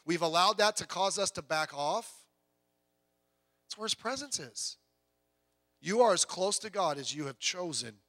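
A middle-aged pastor with a high voice preaches a sermon through stories, swinging widely between quiet asides and shouting. He often stammers and repeats words.

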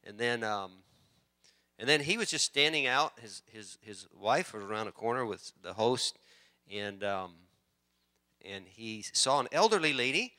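Male pastor, bright clear voice, animated sermon storyteller. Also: medium pitch, unhurried. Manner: animated storytelling, rising excitement.

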